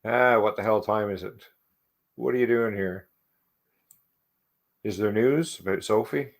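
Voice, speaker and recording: A man's voice: lowish voice, unhurried. A man reading the lines of a grumbling, crude, hungover father from a comic. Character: gruff hungover middle-aged father.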